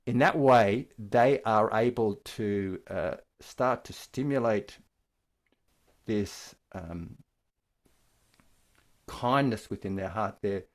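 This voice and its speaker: An older man giving a dharma talk as a meditation teacher, explaining things in a gentle, unhurried way. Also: on the low side. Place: online talk from home.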